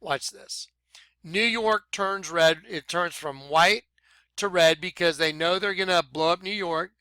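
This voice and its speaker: A man vlogging excited commentary over videos he plays, talking emphatically and apologizing for rushing ahead. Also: fairly high pitch, smooth, no echo. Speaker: video blogger.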